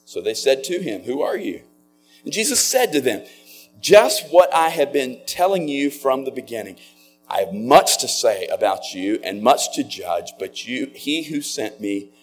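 A man preaching a sermon as a pastor, earnest and slowing down on key words. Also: on the low side.

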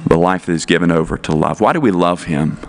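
A man with a low, deep voice preaches a sermon from the pulpit. His delivery is earnest and emphatic, and he drives each point home with one rhetorical question after another. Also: quick pace, gravelly. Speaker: pastor.

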